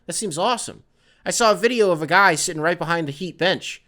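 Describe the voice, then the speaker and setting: A man hosting a solo sports podcast, ranting in an animated, exasperated way and swearing freely. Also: high-pitched, fast. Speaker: podcast host.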